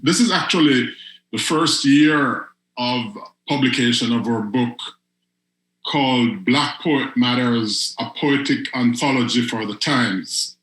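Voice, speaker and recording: A man hosting an online poetry show, reading his own spoken word poems in a slow, emphatic delivery that leans into repetition. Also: mid-range voice, fairly bright tone, echoey room, rough recording. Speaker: host and poet.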